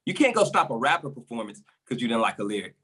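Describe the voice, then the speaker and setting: A man talks in a casual podcast chat, getting worked up and repeating his points for emphasis. His voice is bright and slightly husky, and he sounds a little out of breath. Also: medium pitch, sing-song, quick pace. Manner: passionate, repetitive, emphatic. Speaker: resident comic on podcast.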